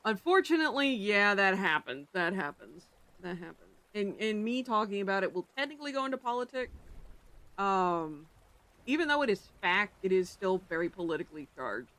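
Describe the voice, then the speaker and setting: A livestreamer chatting casually with the stream chat, rambling and breaking into sudden loud exclamations. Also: medium pitch, very animated, a little fast.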